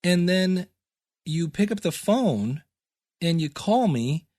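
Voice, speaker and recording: A man's voice: sits high, big pitch swings, takes it slowly, a little mellow, dry recording, clean studio sound. A middle-aged man teaching podcasting in a chatty, self-deprecating solo talk with goofy asides.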